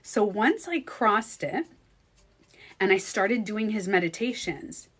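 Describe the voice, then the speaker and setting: A woman vlogger telling a personal story in casual chat, animated and swearing freely. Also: medium pitch, slow pace, breathy edge. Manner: animated, swears freely, acts out quoted speech. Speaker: beauty coach vlogger.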